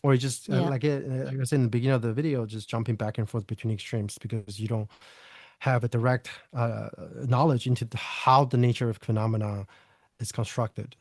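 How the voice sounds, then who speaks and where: A man speaks in a dry, close recording with a middle-pitched voice, musing through ideas on inner work. He thinks aloud, restarting sentences, asking himself rhetorical questions and slipping in small laughs as he goes. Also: steady tone, a little fast, a little mellow, dry recording. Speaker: guest teacher on nonduality. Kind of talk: reflective spiritual conversation.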